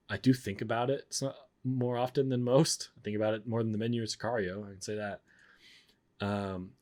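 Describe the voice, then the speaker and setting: Speaking in a mid-range, slightly mellow voice, a male streamer rambles bluntly about films in casual conversation, regularly breaking off his own sentences.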